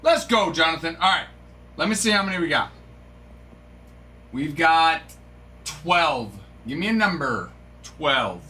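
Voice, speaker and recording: A man hosts a live card-opening stream, and his talk is chatty and excitable, with sudden yells of delight. His voice sits a bit high and sounds very bright and sharp. He takes his time between his words. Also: unhurried, long pauses. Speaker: host of a live sports card break stream.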